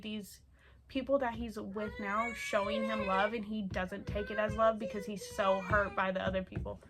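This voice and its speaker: A woman's voice: mid-range voice, fairly bright tone, a little hiss or hum. A young woman chatting at home about the books she read this month, gushing and rambling with lots of fillers and repeated words. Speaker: book vlogger. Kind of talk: casual monthly reading wrap-up.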